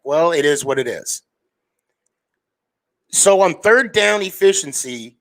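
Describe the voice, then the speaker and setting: A slightly high-voiced man hosts a live sports podcast, wandering casually from one point to another in an unhurried way with long pauses. He uses plenty of fillers and often restarts his sentences.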